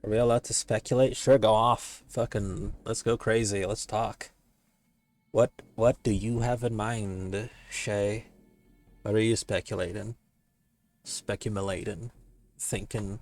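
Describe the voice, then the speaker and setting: Casting: a laid-back male streamer with a low voice, joking commentary, loose and profane. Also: steady tone, a little slow, a little mellow, faint music behind. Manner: joking, loose, swears casually. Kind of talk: casual stream commentary while reading game text.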